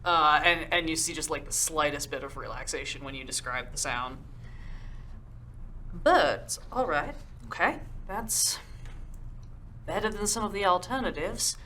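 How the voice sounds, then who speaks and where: A woman's voice: deep voice, animated, unhurried, pauses often, bright, forceful tone, a little hiss or hum. A woman playing at a tabletop game, rambling as she thinks aloud about her character's moves. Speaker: player.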